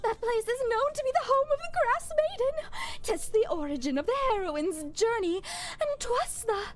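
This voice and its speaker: A woman's voice: very high-pitched, lively intonation, moderate pace, pitched above the performer's own voice. A woman voicing a theatrical knight-errant who speaks in flowery old-fashioned words, laughing and sobbing as she declaims. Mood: grandiose.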